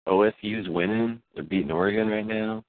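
A man co-hosting a casual sports podcast, relaxed and quick to laugh. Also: fairly low pitch, no echo. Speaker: podcast co-host. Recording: tinny phone-like line.

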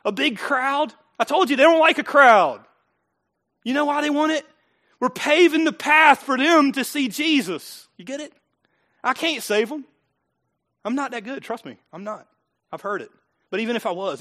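In a very high voice, a man preaches a church sermon as pastor. He's animated and conversational, throwing rhetorical questions at the congregation and mimicking what people will say.

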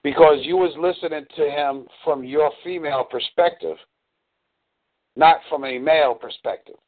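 Guy coaching over a tinny phone line, slightly high voice, earnest, says y'all. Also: normal speed. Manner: earnest, explanatory, uses y'all. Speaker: dating coach. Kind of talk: coaching call.

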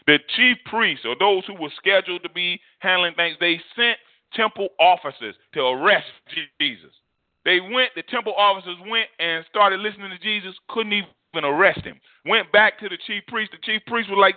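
A man's voice: sits high, normal speed, dry recording. Fervent male preacher on a tinny line. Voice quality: fervent, repeats phrases, animated. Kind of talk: sermon. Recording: tinny phone-like dry sound.

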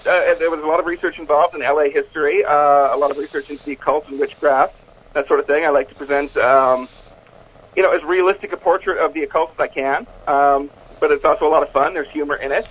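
A man calls in as an author guest and speaks hesitantly, with many filler words. His voice is a little high and comes through a dull, muffled phone line. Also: steady tone, quick pace, slightly rough. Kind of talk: phone interview.

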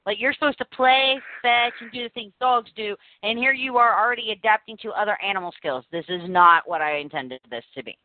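A woman hosts a podcast and chats casually, telling her stories with animated energy. Her voice comes through a narrow, phone-like line. The sound is dry, with no room echo. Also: medium pitch, a little fast, few pauses. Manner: chatty, animated storytelling with laughs. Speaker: podcast host. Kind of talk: casual chat.

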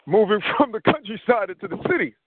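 A man's voice: high-pitched, lively intonation, quick pace, a little hiss or hum. Rambling man on a tinny phone line. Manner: rambling, piles up examples. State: winded. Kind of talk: casual conversation.

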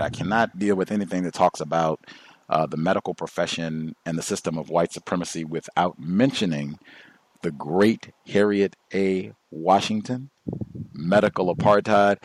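Low-voiced man hosting talk radio. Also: slight background noise. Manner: deliberate, emphatic, instructive. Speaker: radio show host.

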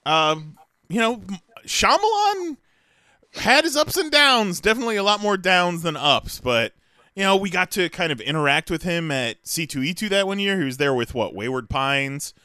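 A man's voice: high-pitched, big pitch swings, moderate pace, sharp tone, clean tone, dry recording, studio quality. A man co-hosting a podcast in casual chat, laughing often and tossing in jokey asides. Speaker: podcast co-host.

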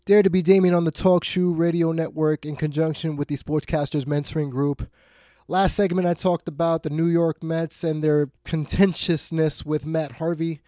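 A man hosting a sports talk radio show, ranting bluntly, swinging between loud outbursts and quiet muttered asides. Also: on the high side, little pitch movement, normal speed, dry recording, clean studio sound.

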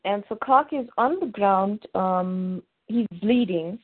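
Over a tinny line that sounds like a phone, a podcast host recaps a TV episode in a loose, rambling way, full of fillers and false starts. She speaks slowly with a medium-pitched voice.

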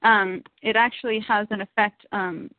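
A woman's voice: mid-range voice, fairly even intonation, normal speed, no echo. A woman guest on a panel talk show, speaking hesitantly with many fillers as she promotes a supplement. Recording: dry tinny phone-like sound.

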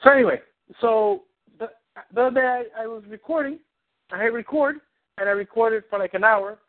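A man coaching on a phone call, animated and rambling, acting out little scenes. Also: very high voice, brisk. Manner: animated, rambling, acts out quotes. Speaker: relationship coach. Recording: tinny phone line.

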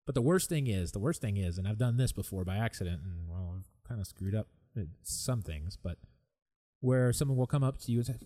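A man's voice: on the low side, lively intonation, a little fast, warm tone. A man hosting his own podcast, talking candidly and with exasperation about stress, sometimes mimicking other people. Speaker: podcast host. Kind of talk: solo podcast monologue.

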